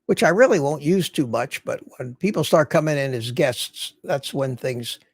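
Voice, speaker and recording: A man's voice: a little high, expressive, normal speed, no room sound. An older man hosting a livestream in casual chat, rambling along and greeting viewers by name. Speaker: livestream host. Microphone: studio mic through a mixer.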